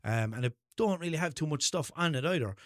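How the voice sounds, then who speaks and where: Young Limerick man, high-pitched, dry close sound, rambling sweary podcast host. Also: lively intonation, fast, fairly bright tone, no echo. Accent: Limerick Irish. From Ireland. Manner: rambling, sweary, self-mocking storytelling with put-on voices. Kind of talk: casual solo podcast monologue.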